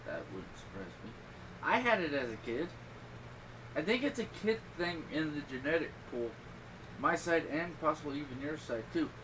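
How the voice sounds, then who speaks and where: A man's voice: a little high, normal speed, far from the mic. Rambling man, a bit off-mic. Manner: rambling, animated storytelling with loud outbursts. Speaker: podcast host. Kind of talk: casual chat. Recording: voice a little off-mic with clear background noise.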